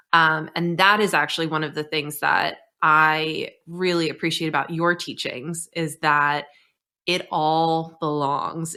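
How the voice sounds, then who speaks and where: A woman's voice: sits low, sharp tone. A woman hosting a podcast conversation, a former therapist talking candidly and animatedly, swearing casually. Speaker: podcast host.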